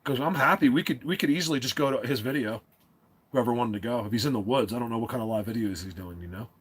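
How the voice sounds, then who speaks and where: A New Jersey man hosts a casual livestream, rambling along with plenty of fillers and restarts and often cutting himself off. His mid-range voice moves fast and has a breathy edge.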